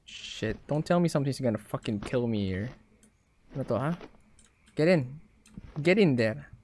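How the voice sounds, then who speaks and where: A woman's voice: extremely low pitch, lively intonation, moderate pace, a little hiss or hum. Filipino woman yelping through horror gameplay. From Philippines. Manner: swears freely, mixes in Tagalog, breaks into loud panicked yelps. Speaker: gaming YouTuber. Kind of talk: horror game commentary.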